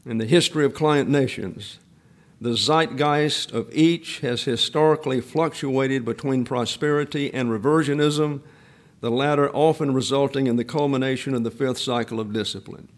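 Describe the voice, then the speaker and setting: A man's voice: mid-range voice, moderate pace. Rambling folksy man in his eighties. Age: 80s. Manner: folksy, digressive storytelling with frequent restarts. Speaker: pastor. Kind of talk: sermon.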